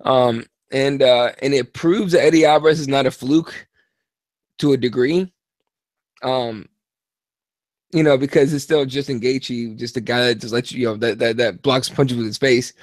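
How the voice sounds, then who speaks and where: A tired man co-hosting a casual sports podcast, talking in a profane, animated and rambling way. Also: medium pitch, moderate pace, no echo, clean studio sound. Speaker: podcast co-host.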